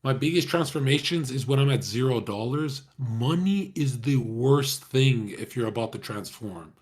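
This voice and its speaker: A man's voice: mid-range voice, animated, moderate pace, a little mellow. A young man talking casually to his viewers, rambling in slang, swearing often and calling everyone bro. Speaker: streamer talking to chat.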